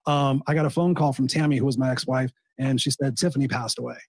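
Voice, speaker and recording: Fast-talking man telling a heartfelt story. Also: medium pitch, steady tone, husky, no echo. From Southern California. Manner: heartfelt, repetitive restarts. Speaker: coach. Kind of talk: emotional personal storytelling.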